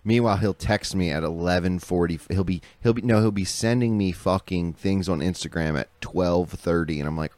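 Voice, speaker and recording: Deep-voiced, laid-back young man. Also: brisk, few pauses, darkish tone, no room sound. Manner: laid-back, swears freely, laughs along. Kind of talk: casual chat.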